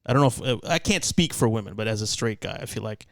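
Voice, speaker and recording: A man speaks as a guest in a casual comedic podcast chat. He sounds wry and thoughtful, and his voice often trails off softly. The mic is close and dry. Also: fairly low pitch, animated, fast, creaky, dry recording.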